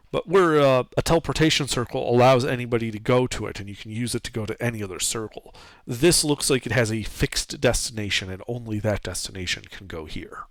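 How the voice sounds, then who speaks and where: A man narrating a tabletop game as game master, describing scenes in a halting way with fillers. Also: medium pitch, no room sound. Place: streamed online session.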